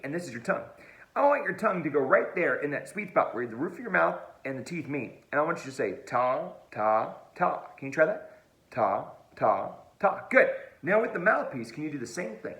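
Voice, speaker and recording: A man's voice: fairly high pitch, very animated, fast talker, pushed and bright. A man teaching an online music lesson for kids, upbeat and playful, speaking straight to the viewer. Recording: roomy echo.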